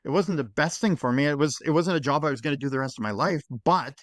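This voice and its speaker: A man in his forties, a podcast guest telling his story in a casual, emotional and animated way. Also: a little high, quick pace, no room sound, clean studio sound. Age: 40s. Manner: emotional, animated storyteller who acts out dialogue.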